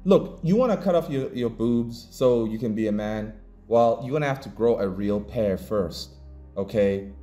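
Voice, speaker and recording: A man's voice: mid-range voice, animated, moderate pace, mellow, faint music behind. A man delivering an angry, combative commentary rant, mocking and insulting his critics. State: pissed off. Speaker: independent comic creator and commentator.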